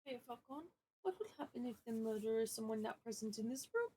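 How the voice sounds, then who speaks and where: A woman's voice: a little high, animated, fast, warm tone, slight background noise, lightly acted. A woman voicing an eager young male assistant who reports findings plainly, while reading a game aloud. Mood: matter-of-fact.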